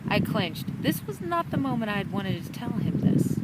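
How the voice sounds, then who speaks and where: A woman reading a children's storybook chapter aloud with an animated, dramatic delivery, recorded outdoors in a park. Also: mid-range voice, moderate pace, hardly any pauses. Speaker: storybook reader. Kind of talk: expressive storybook narration. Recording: outdoor park with traffic noise.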